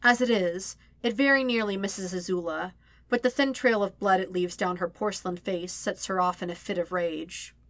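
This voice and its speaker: A woman reading a story aloud as narrator, with steady, even storytelling. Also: mid-range voice, moderate pace, no room sound. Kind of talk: audiobook-style fan fiction reading.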